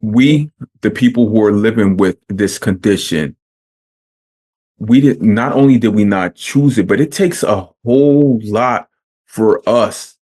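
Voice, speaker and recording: A man hosting a podcast interview, speaking in an earnest, measured way. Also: on the low side, darkish tone. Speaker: podcast host. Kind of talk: casual interview.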